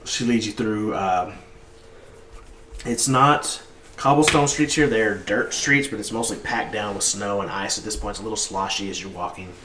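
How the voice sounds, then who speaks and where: Man game master, low voice, rambling narration, far from mic, echoey room, noisy background. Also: moderate pace, sharp tone. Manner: loose, rambling, filler-heavy description. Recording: roomy, distant mic, background noise.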